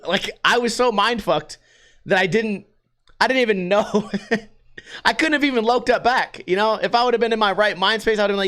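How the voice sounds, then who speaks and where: A young man from Las Vegas rants to his podcast audience with a slightly high voice. He swears freely and keeps slipping into other people's voices to act out little scenes. The talk is loose and unscripted, like a story told to friends. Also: a little fast. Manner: profane, animated, acts out quotes in other voices. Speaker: podcast host. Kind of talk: casual storytelling rant.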